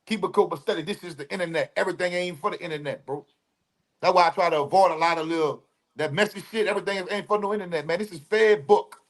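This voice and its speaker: High-voiced blunt man co-hosting. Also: fairly even intonation, quick pace. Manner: blunt, profane, preachy asides. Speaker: podcast co-host. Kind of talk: casual livestream chat.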